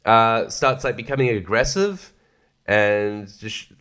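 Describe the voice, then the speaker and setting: A man's voice: lowish voice, slow, bright, forceful tone, clear, resonant tone. A man hosting a casual film review podcast, rambling and sarcastic, swearing freely and laughing often. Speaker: podcast host reviewing films.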